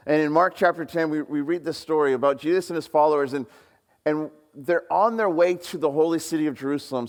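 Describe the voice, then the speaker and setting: A man's voice: a little high, big-room sound. A male pastor from the United States preaching a sermon in a conversational way, putting questions to the congregation. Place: church hall.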